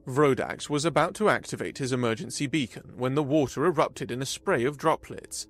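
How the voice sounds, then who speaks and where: A man giving an expressive scripted narration of a sci-fi story. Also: mid-range voice, fairly quick, few pauses.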